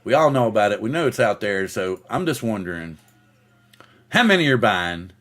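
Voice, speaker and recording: A man's voice: fairly low pitch, moderate pace. A man hosting a casual livestream show. He tells stories with acted-out voices and greets viewers in the chat by name. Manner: animated storyteller who acts out the voices in his story.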